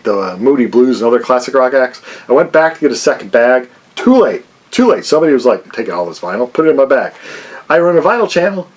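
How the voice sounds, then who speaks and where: A man hosting his own record-collecting channel, chatting casually and jokingly about a haul of CDs and vinyl, with lots of fillers. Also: medium pitch. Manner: rambling and jokey, many fillers.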